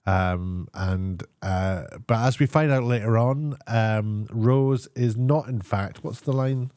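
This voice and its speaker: A man giving a casual spoken TV review, sarcastic and meandering, often pausing to search for words. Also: medium pitch, darkish tone, clean tone, no echo, clean studio sound.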